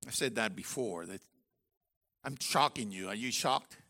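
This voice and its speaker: A man preaching a sermon in an animated, joking way, acting out little voices as he goes. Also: on the low side, a little slow. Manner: animated, jokey, acts out voices. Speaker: university professor.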